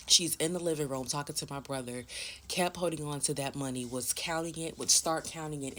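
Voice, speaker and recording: Low-voiced blunt woman telling a story. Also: fairly bright tone, a little hiss or hum. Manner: blunt and emphatic, swears freely. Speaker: vlogger. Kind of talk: casual personal storytelling.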